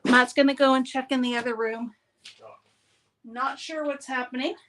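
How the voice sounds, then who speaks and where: A woman hosts a live papercraft demonstration at a moderate pace, her high voice steady as she chats upbeatly and keeps breaking off mid-sentence. The background is noisy.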